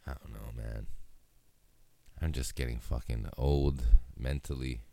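Solo podcast host, young man, very low gravelly voice, dark tone, rambling and profane. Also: fairly even intonation, measured pace, no echo. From Hawaii. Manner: laid-back, rambling, heavy swearing. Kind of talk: casual solo podcast chat.

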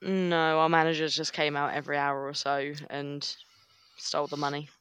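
A man chats on a podcast, crude and quick to react, leaning on "like." His voice is fairly high and gravelly, with a tense, bright edge. It is recorded dry and close. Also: flat delivery, no room sound. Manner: crude, reactive, says "like" a lot. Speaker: podcast co-host. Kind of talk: casual chat.

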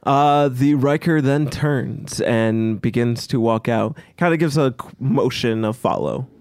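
A man's voice: medium pitch, lively intonation, a little slow, darkish tone, no echo, clean studio sound. A man narrating a tabletop game as game master, describing scenes at length with frequent hesitant fillers.

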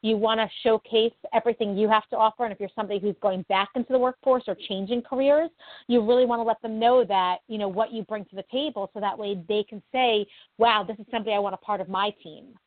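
A woman's voice: mid-range voice, fast talker, no echo. A woman from New Jersey, a guest on an interview, who answers modestly and gives earnest advice. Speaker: interview guest, nonprofit founder. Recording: dry, tinny phone-like line.

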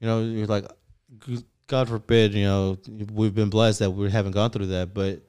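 Thirties male co-host, low and smooth-toned, easygoing and rambling, with casual Spanish slang mixed in. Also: flat delivery, normal speed, a little mellow. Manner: laid-back, drawls with many "you know" and "right?" fillers, mixes in Spanish slang. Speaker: podcast co-host. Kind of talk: casual chat.

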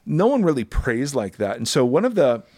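A man telling stories on a faith podcast, rambling and animated and full of restarts. His voice sits at an ordinary middle pitch and sounds dry and close, with no room around it. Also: moderate pace, no echo. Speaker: podcast co-host and public speaker. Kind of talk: casual conversational chat.

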